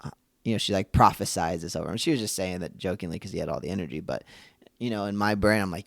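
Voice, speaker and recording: A man's voice: low voice, quick pace, creaky, no room sound. A man hosting a podcast, talking earnestly and conversationally about fatherhood, often restarting his sentences. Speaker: podcast host. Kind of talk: casual reflective monologue.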